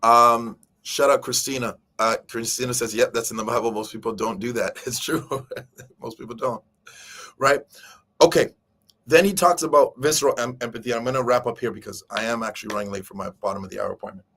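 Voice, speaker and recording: Guy hosting a live stream, chatty and animated, talks straight to viewers, mid pitch voice. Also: a little fast, husky. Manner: animated, addresses viewers directly, acts out quoted speech. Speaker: show host. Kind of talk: casual live-stream book talk.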